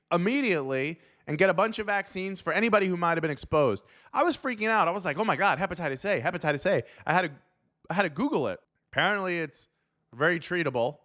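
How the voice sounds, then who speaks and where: A man's voice: a little high, a bit bright. A young adult male comedian riffing sarcastically on news stories as host of his show.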